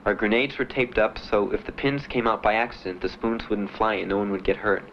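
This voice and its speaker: Recalling his past for an interviewer, a low-voiced older Vietnam veteran from Miami tells his story in a plain, halting way with frequent "uh"s and "you know"s. His tone stays steady, and the sound is lo-fi with a little hiss or hum.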